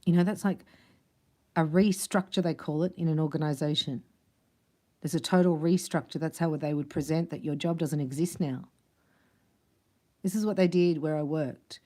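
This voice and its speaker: Woman doing a chatty tarot reading, warm low-ish voice, laughs a lot. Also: fairly even intonation, normal speed, long pauses. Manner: chatty, laughs often, acts out other voices. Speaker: tarot reader. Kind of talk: casual spiritual tarot reading.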